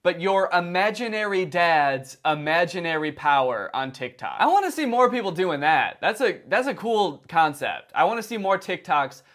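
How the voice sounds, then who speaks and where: A man's voice: high voice, big pitch swings, moderate pace, few pauses, a bit bright. A young man giving sarcastic, rambling comedic commentary on videos. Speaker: commentary youtuber.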